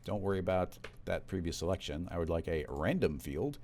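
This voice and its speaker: A man walking through a software tutorial in a relaxed, conversational step-by-step way. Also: low voice, brisk, slight background noise. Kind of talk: screen-recorded software tutorial.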